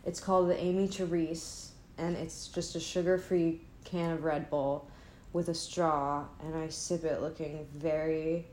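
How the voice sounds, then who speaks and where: A woman's voice: low voice, little pitch movement, measured pace, darkish tone, slight background noise. A woman vlogging in casual, rambling chat, sleepy and not fully awake, self-deprecating and often trailing off mid-sentence. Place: indoors at home, an apartment. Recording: echoey room with faint ambience.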